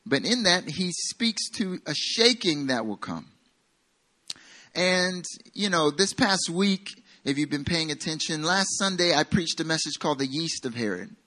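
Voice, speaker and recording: Preaching with a Southern American accent, this pastor has a slightly high, pushed and bright voice that moves a little slowly with lively intonation. His manner is casual and self-deprecating as he jokes with the congregation, including a joking aside.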